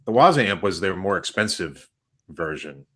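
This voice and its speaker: A man's voice: low voice, expressive, moderate pace, fairly bright tone, slightly rough. A man hosting a casual chat, reading out viewer questions in a hesitant way with ums and restarts.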